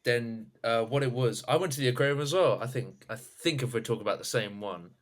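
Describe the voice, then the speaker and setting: A young man from London with a London accent, co-hosting a casual podcast chat, animated and quick to laugh. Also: mid-range voice. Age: young adult. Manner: animated, laughs often, acts out others' lines. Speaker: podcast co-host.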